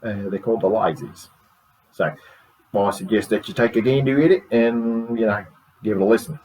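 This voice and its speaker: A man voicing a relaxed, rambling radio guest. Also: moderate pace, lightly acted, rough recording. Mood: easygoing. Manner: relaxed, rambling, low-key. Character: laid-back Australian man, chatty radio guest.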